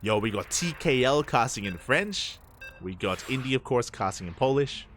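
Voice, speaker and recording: A man's voice: medium pitch, expressive, normal speed, fairly bright tone, slight background noise. An Australian man casting a live esports match, chatty and loose, laughing often between play-by-play. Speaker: esports caster.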